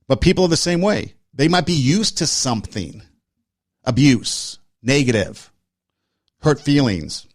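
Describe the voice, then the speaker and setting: This man hosts a podcast in a medium-pitched voice, recorded with studio quality and no room sound. Telling a personal story casually and earnestly, he speaks in short listing phrases and repeats himself for emphasis.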